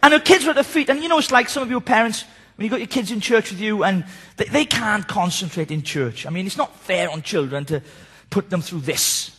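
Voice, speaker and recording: Pastor, very high voice, bright and punchy, animated storyteller. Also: male voice, brisk, slightly rough. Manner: animated, storytelling, mimics people. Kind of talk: sermon.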